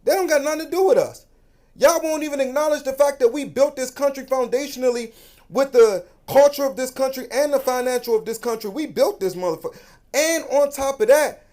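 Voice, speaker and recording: High-voiced man ranting, echoey room. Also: brisk, a little mellow. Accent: African American English. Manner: blunt, emphatic, repetitive. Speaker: social media commentator. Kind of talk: heated direct-to-camera rant.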